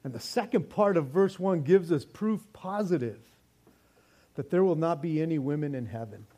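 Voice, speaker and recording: Older male pastor, fairly high voice, animated joking sermon delivery. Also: moderate pace. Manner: animated, joking preacher with many restarts.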